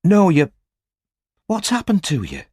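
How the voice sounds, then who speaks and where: A man's voice: medium pitch, animated, normal speed, no room sound, clean studio sound, lightly acted. A man voicing an eager young female office secretary who asks anxious, breathless questions. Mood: worried.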